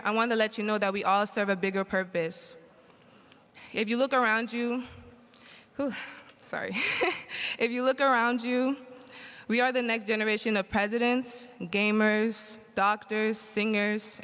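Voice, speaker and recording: A woman's voice: mid-range voice, fairly bright tone, clean tone. A young woman, a graduating student, giving an emotional graduation speech while holding back tears. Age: young adult. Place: large graduation hall. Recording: long hall reverb.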